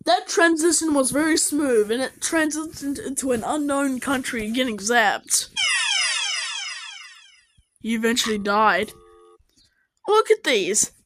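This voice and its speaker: A woman reacting to videos in casual commentary, excitable and exclaiming at the screen. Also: sits high, a little slow, long pauses, rough recording. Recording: loud background noise.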